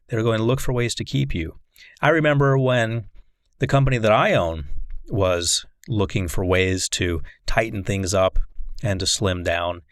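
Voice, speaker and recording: Male life coach lecturer: low-pitched, dry and close-miked, earnest, poses rhetorical questions. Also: no echo.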